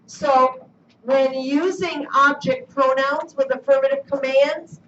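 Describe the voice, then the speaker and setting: A woman's voice: sits high, steady tone, slow pace, fairly bright tone, slight background noise. A woman teaching a Spanish lesson in a classroom, coaxing and quizzing her students. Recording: roomy, distant, dull classroom recording.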